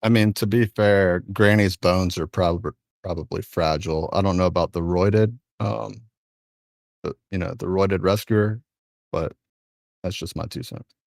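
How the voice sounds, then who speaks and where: A man's voice: low-pitched, steady tone, a little slow, gravelly, darkish tone, no echo, clean studio sound. A man in a casual group discussion, making wry, hesitant asides.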